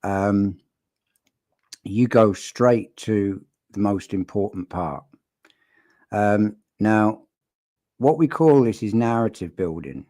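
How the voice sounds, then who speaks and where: A man's voice: on the low side, animated, a little slow, mellow. A man giving casual, blunt and sardonic commentary that breaks down a recorded interview, often restarting his sentences. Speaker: statement analysis commentator.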